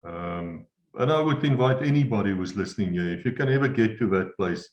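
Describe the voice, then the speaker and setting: A man's voice: lowish voice, animated, fairly quick. A man hosting an interview, speaking in an earnest, plain-spoken way. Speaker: interview host. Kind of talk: conversational interview. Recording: roomy, dull lo-fi sound.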